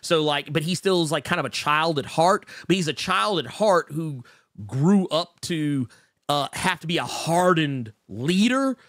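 A man co-hosting a casual podcast chat, talking in quick bursts with many stammered restarts and reading out viewer comments. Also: on the high side, expressive, fairly bright tone, no echo, studio quality. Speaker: podcast co-host.

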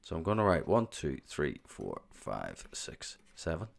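A man's voice: a bass voice, wildly swooping pitch, unhurried, gravelly. A man teaching, walking step by step through exam revision questions. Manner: step-by-step explaining.

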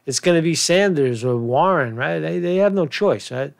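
A man's voice: on the high side, animated, normal speed, vocal fry, dry recording. A man delivering a crude, mocking political rant as a commentary vlogger, swearing often. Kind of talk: profane off-the-cuff political rant.

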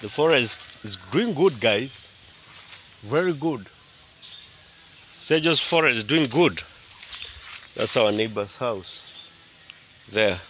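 Bright-voiced guy vlogging outside, slow talker, swings up and down a lot, repeats himself. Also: medium pitch, a little hiss or hum. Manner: animated, indignant, repeats himself. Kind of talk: casual vlog talk to viewers. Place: outdoors on rural land.

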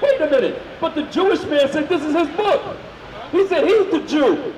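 High, forceful man preaching on the street. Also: lively intonation, normal speed, background noise. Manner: loud, questioning the crowd, drilling points. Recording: echoey, from far off.

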